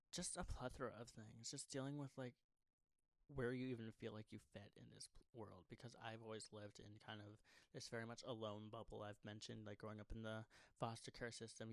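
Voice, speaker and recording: A man's voice: fairly low pitch, no room sound. A young man, a pop singer-songwriter, talking casually and at length to his fans, rambling and swearing with sarcastic asides. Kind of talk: casual unscripted monologue to fans.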